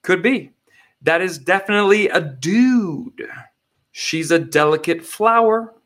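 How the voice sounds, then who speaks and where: A man's voice: high-pitched, measured pace, a bit bright. A man hosting satirical political commentary in a mocking, sarcastic way. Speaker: comedy host.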